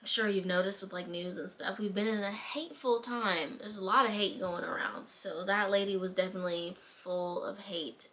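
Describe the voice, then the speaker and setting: A young woman telling a story at home into her camera, in a chatty, animated way. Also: mid-range voice, fairly quick, hardly any pauses, a little hiss or hum. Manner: chatty, animated retelling with bursts of laughter. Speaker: vlogger. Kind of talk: casual storytime chat. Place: home room. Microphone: camera mic.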